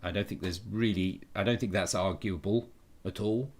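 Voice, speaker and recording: A man's voice: low-pitched, normal speed, a little mellow. A man talking casually on a live stream, thinking aloud with many restarts and blunt opinions. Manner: thinks aloud, frequent restarts and self-corrections.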